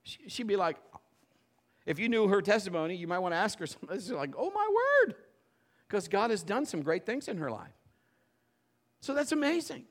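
A male pastor preaching a sermon in a conversational storytelling way, building to loud emphatic bursts. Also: sits high, expressive, fairly quick, pauses often.

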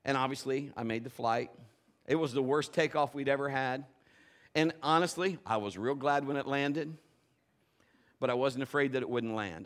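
A man's voice: medium pitch, moderate pace. A middle-aged man, a pastor, telling a funny story in a sermon and acting out the voices, laughing often.

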